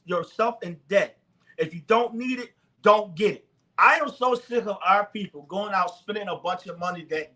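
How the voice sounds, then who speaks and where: High-voiced fervent man preaching. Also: bright, forceful tone. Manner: fervent, repetitive, preaching cadence. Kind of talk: sermon-style talk to the camera.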